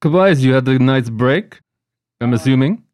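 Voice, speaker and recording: An Australian man hosts a casual comedy podcast and keeps the talk on track between jokes. His voice sits at a middle pitch and is recorded dry and close, with no room sound. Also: lively intonation, normal speed, a little mellow, no echo. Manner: joking, steering the conversation. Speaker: podcast host.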